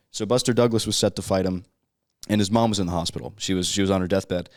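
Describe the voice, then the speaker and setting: A male podcast host tells a story casually to his guest. His voice is low and smooth. It sounds close and dry, with no room around it. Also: steady tone, dry recording. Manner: casual storytelling, quick retelling. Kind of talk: podcast interview.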